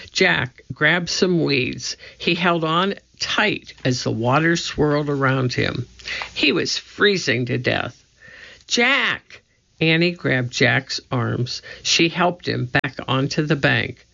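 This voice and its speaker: A narrator giving an expressive, measured reading of a children's storybook. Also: medium pitch, creaky. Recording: dull lo-fi recording.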